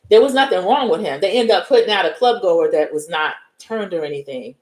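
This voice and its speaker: A woman's voice: lowish voice, animated, fairly quick, a little mellow. A woman with a New York accent retelling a movie scene by scene in casual chat, acting out the characters' lines as she goes. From United States. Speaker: host. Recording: echoey room.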